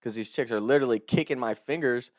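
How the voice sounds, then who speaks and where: A man's voice: mid-range voice, fast. Laughing young man telling a party story. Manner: animated, laughing often, swearing. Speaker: content creator telling a story. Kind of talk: casual storytelling to camera.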